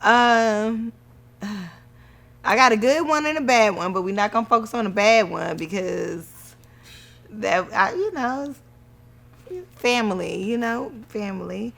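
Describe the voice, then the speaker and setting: A woman's voice: a little high, a little slow, creaky, pauses often. Chatty woman telling wedding stories. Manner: animated storytelling, laughing often. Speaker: podcast co-host, newlywed bride. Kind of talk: casual chat.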